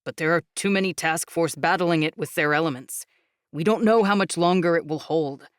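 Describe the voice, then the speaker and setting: A woman's voice: on the low side, normal speed, dry recording, studio quality, close to an everyday voice. A woman voicing an urgent, protective young man in an audiobook, explaining things in a hurry.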